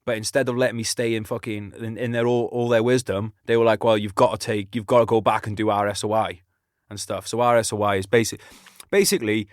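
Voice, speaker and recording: A man's voice: fairly low pitch, little pitch movement, quick pace, no room sound, clean studio sound. A man from Britain, an army veteran hosting a podcast, talking in a casual, sweary and rambling way, laughing often. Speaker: podcast host. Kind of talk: casual chat.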